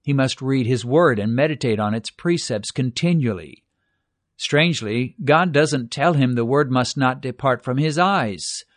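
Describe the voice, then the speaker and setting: An older man preaching in a measured, earnest tone, giving a devotional Bible teaching. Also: medium pitch, no echo, clean studio sound.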